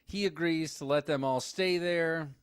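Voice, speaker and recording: A man co-hosting a casual movie recap podcast, animated and swearing freely as he acts out scenes. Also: fairly high pitch, unhurried, clear, resonant tone, no echo, clean studio sound. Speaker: podcast co-host.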